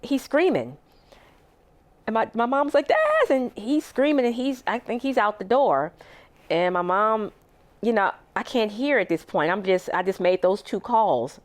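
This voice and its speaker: A woman's voice: mid-range voice, moderate pace. Woman telling a tense story. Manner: emotional, vivid retelling with acted-out quotes. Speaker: interview guest. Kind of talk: recounting a personal story.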